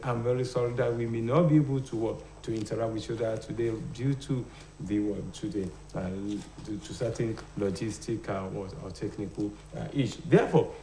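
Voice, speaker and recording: A man's voice: mid-range voice, mellow, echoey room, slight background noise. A man teaching phonology on a live TV show, hesitating often and asking rhetorical questions. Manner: hesitant, many fillers, rhetorical "what?" questions. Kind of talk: live broadcast lesson. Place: TV studio.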